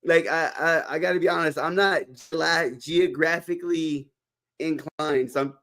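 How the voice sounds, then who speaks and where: A man's voice: fairly high pitch, steady tone, moderate pace, fairly bright tone. A man from Texas hosting a casual livestream, upbeat and repeating calls to tap the screen. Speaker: livestream host.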